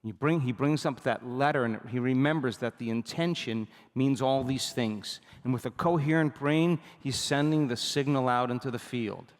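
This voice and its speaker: A man giving a motivational seminar talk, telling stories with animated energy and often checking that the audience is with him. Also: medium pitch, moderate pace, hardly any pauses, long reverb tail. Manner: animated storytelling, repeatedly asks the audience for agreement. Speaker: seminar speaker.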